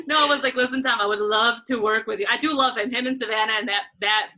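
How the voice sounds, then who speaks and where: Bright animated woman telling a story. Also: a little high, fast, few pauses, poor audio. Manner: animated, acts out quoted voices, laughs often. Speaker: interview guest, concert photographer. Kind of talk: casual storytelling interview.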